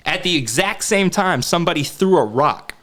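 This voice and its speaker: A man's voice: fairly high pitch, normal speed. A man in his thirties, a podcast co-host telling stories in casual chat, swearing freely and acting out what people said. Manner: animated, swears freely, acts out quotes.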